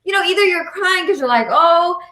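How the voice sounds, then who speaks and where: A woman's voice: very high-pitched, lively intonation, quick pace, pushed and bright, reverberant. A woman on a video call, speaking in a rambling, heartfelt way with many fillers. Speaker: campaign supporter. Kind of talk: casual video call chat.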